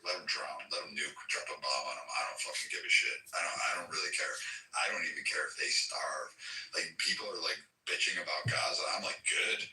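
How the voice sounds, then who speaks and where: A man's voice: extremely low pitch, sharp tone. A man hosting a podcast, ranting angrily and swearing heavily. He is recorded in an echoey room with the mic at a distance. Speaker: podcast host. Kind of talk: profane political podcast chat.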